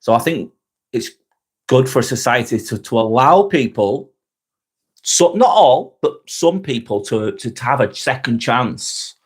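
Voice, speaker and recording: A man's voice: medium pitch, expressive, a little slow, slightly rough. Chatty Lancashire man on a live stream. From Northwest England. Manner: chatty, friendly, says "mate" often, thanks viewers by name. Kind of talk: casual live-stream chat reading comments.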